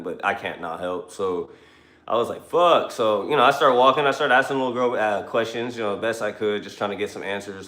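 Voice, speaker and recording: A man's voice: fairly low pitch, a bit bright. A man telling a long story in a rambling, profane, conversational way during a livestream from a car. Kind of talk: casual storytelling. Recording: roomy echo.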